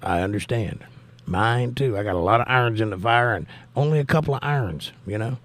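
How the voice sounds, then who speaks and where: An older man hosts a live chat stream, close to the mic. He greets viewers by name with upbeat, animated energy. His voice sits at an ordinary middle pitch. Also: fairly quick. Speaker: host.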